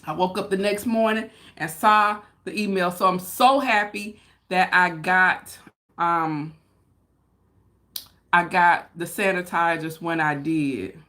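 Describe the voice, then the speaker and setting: A woman's voice: lowish voice, slow pace, sharp tone. Chatty American woman vlogging live. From United States. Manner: chatty, addresses viewers as y'all. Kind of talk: casual livestream chat. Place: home room with open window.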